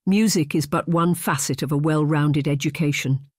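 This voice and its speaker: A gentle young governess in an audiobook, as the narrator puts her on, measured and soft-spoken. She picks every word carefully, and the recording is close and dry. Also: low voice, fairly even intonation, slightly rough, no echo. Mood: instructive. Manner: measured, soft-spoken, choosing words with care. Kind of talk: audiobook reading.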